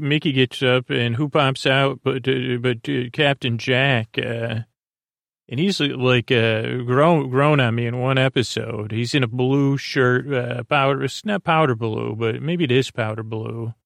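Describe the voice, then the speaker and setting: Gravelly man rambling through a recap. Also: medium pitch, no room sound, clean studio sound. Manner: rambling, many fillers and self-corrections. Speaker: podcast host. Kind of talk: casual episode recap.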